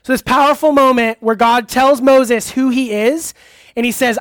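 Casual youth pastor, chatty preacher, mid-pitched voice, quizzes the crowd, dry close sound. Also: normal speed, no room sound. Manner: casual, chatty, asks the audience questions; laughs easily, uses many fillers. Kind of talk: interactive sermon. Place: church hall with a live audience.

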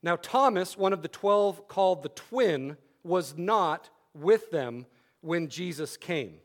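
A man's voice: a little high, lively intonation, slow. A man preaching a sermon, repeating key phrases for emphasis and adding wry humorous asides.

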